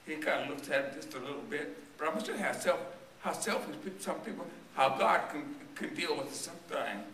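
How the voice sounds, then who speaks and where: In a church sanctuary, a man preaches a storytelling sermon, putting questions to the congregation as his strained voice grows tired. His voice is a little high, bright, forceful and animated at a moderate pace, recorded from a distance in an echoey church with slight hiss or hum.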